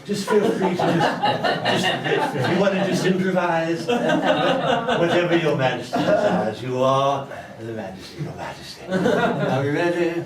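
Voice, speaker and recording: A man playing a fussy, fawning TV director who coaxes in a hushed voice. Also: fairly high pitch, lively intonation, a loud crowd. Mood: coaxing. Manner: hushed, coaxing, quick asides. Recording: roomy club from far off, background noise.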